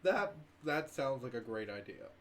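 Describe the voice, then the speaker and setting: Player voicing a shifty character, pitch swinging wildly, playful and laughing. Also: very animated, normal speed, over a noisy crowd. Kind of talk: in-character tabletop role-play.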